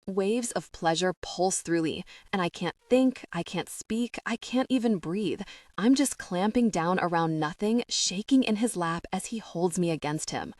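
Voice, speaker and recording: A woman reads a first-person romance audiobook in a soft, intimate voice, somewhat low in pitch. The sound is dry and close, with no room around it. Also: a little slow, no echo. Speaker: audiobook narrator.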